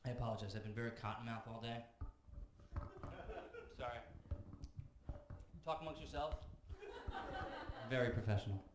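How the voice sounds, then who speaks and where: A young man performing a stand-up comedy set on a club stage, rattling off lists and building to loud rants. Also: medium pitch. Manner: rapid-fire, builds to shouting rants. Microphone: handheld stage mic. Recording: echoey club room, audience noise. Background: audience laughter.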